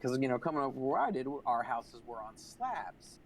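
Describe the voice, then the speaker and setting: A man's voice: mid-range voice, very animated, moderate pace, hardly any pauses, a little hiss or hum. A man hosting a gaming video, telling a long profane story in casual chat. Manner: profane, rambling anecdote-telling. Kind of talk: casual chat while playing.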